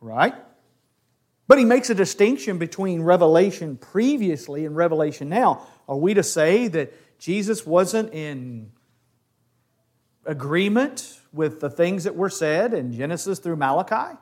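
A man leads a Bible class in a lively, questioning way. His voice sits high for a man and swings widely in pitch. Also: measured pace. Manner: animated, asks the class questions.

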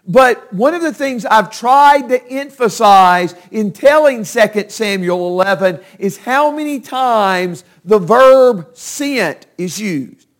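A man's voice: sits high, animated, takes it slowly. A man preaching a sermon, retelling a Bible story with emphatic storytelling that stresses key words.

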